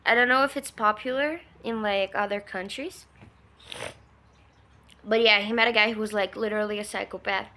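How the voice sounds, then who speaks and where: A woman's voice: medium pitch, steady tone, normal speed, long pauses, pushed and bright, slight background noise. A woman telling a story in a casual, rambling way, full of fillers and emphatic swearing. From Brazil. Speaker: vlogger.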